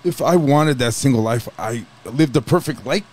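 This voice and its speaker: A man co-hosting a casual podcast, telling stories in a joking, profane, animated way. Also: medium pitch, moderate pace. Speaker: podcast co-host, DJ.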